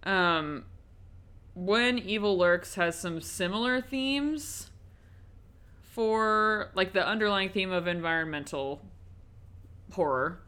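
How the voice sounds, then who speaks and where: A woman's voice: mid-range voice, lively intonation, slow pace, long pauses, fairly bright tone, clear, resonant tone. A woman giving a casual, chatty recap and review of a horror film, with frequent ums and likes.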